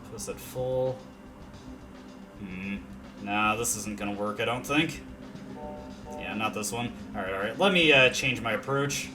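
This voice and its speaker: Faint game music sits behind this young man's lowish, unhurried voice as he comments casually on the video game he's playing, pausing often. A let's play commentator, he thinks out loud with plenty of fillers and pokes fun at himself.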